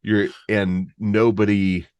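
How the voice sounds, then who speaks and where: A man speaking as a podcast guest in casual conversation, halting and restarting often and laughing easily. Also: fairly low pitch, flat delivery, darkish tone, clean tone, dry recording.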